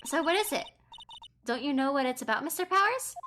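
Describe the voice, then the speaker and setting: An excitable young sidekick girl from a game, cheerful and bubbly, as a woman reads her aloud. Her voice jumps up high and comes out loud. She exclaims nearly everything. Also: brisk, a little hiss or hum. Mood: excited.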